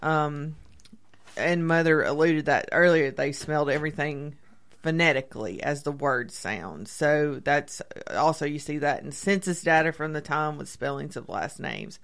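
A woman's voice: low voice, lively intonation, normal speed. A woman with a thick Tennessee Southern accent, a talk show guest chatting and telling stories with frequent laughter. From Middle Tennessee. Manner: chatty storyteller, laughs often. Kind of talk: casual chat.

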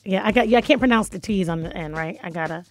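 A woman's voice: medium pitch, fast talker, soft background music. A woman hosting a casual radio interview from a studio, talking in a playful, teasing way and laughing often. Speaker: radio host.

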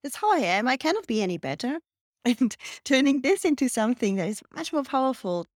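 A woman's voice: high voice, very animated, fairly quick, no room sound, studio quality. A woman host, summing up the guest's points in long, thoughtful turns. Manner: reflective, long summarizing turns. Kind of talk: interview conversation.

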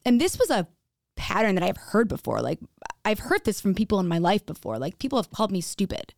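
A woman speaks candidly to the listener with a gravelly, fry-laden voice. The sound is dry and close, with no room around it. Her manner is casual and frank, full of swearing and "like". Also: mid-range voice, big pitch swings, a little fast, darkish tone, no room sound. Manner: frank, casual, swears freely, uses "like" often. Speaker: podcast speaker. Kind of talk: candid personal storytelling.

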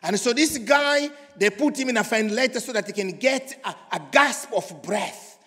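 A preacher from Congo, preaching emphatically and swinging from loud to hushed. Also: male voice, very high voice, moderate pace. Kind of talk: sermon. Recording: long hall reverb.

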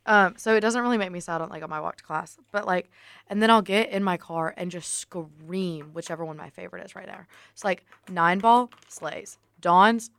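A young adult woman co-hosting a casual podcast, chatty and excitable, peppering her speech with "like". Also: fairly low pitch, moderate pace, smooth, dry recording. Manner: chatty and excitable, heavy use of "like". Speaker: podcast co-host. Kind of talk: casual chat.

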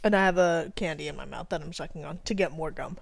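A woman's voice: low voice, fast talker, gravelly, husky, no room sound. A woman co-hosting a casual chat, complaining animatedly about a snack with frequent laughs. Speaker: podcast co-host.

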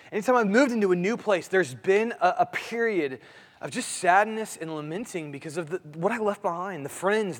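A man's voice: high-pitched, fairly bright tone, long reverb tail. A man preaching a sermon as pastor, earnest, often repeating his words, his voice rising and dropping with emphasis. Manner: earnest preaching, repeats phrases, voice rises and drops.

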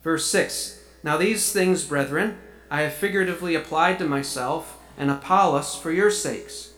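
A man's voice: a little high, fairly bright tone. Man preaching in an echoey church. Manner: earnest expository preaching, reading scripture aloud. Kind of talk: sermon. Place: church sanctuary.

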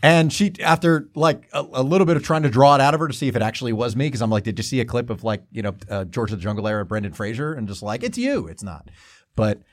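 A man's voice: mid-range voice, fast. A man co-hosting a comedy podcast, telling an anecdote in casual chat and acting out what other people said. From northern New Jersey. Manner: animated storyteller, acts out quotes. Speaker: podcast co-host.

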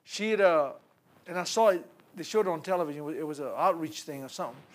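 A man's voice: on the high side, fast talker. A man preaching a sermon, retelling a Bible story with laughter, stumbles and repeated words. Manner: animated storytelling with laughs and repetitions.

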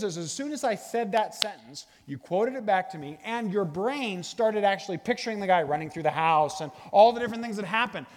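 A middle-aged man giving a guest sermon in a church, animated and jokey, talking to a live audience. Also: high-pitched. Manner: animated, jokey, bursts into sung movie lines. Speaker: guest speaker. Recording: long hall reverb.

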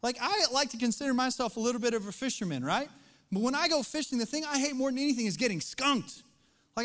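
A man's voice: very high-pitched, fairly bright tone. A middle-aged man preaching a sermon as pastor, conversational and joking, then building to emphatic points, recorded in a church sanctuary. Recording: long reverb of a large church hall.

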